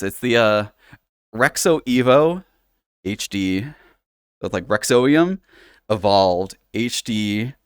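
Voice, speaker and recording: Playing in virtual reality from home, this livestreamer talks loosely and rambles, full of fillers and false starts, with frequent laughter and casual cursing. His smooth, mid-range voice comes through at studio quality with no room sound.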